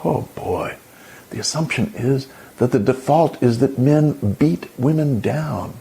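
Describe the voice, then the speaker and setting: A man's voice: mid-range voice, slow, creaky, dark tone. A man hosting an opinion commentary, indignant and sarcastic, often exclaiming. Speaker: channel host.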